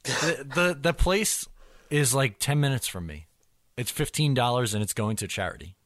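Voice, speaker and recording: A man's voice: medium pitch, expressive, moderate pace, fairly bright tone, no echo, clean studio sound. A man hosting a casual sports podcast, laid-back and teasing, leading the segments. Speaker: podcast host.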